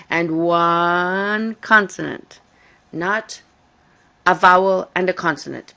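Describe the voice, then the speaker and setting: A woman teaching English grammar in a recorded lesson, explaining slowly and carefully and repeating key points. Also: lowish voice, gravelly, a bit bright. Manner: slow, careful explaining with repetition.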